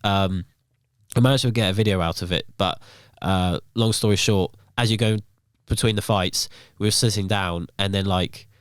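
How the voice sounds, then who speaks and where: A young man guesting on a podcast tells rambling stories in casual chat, peppered with fillers like "um" and "like". His deep voice has fairly even intonation at a moderate pace, with a clean, studio-quality tone and no echo.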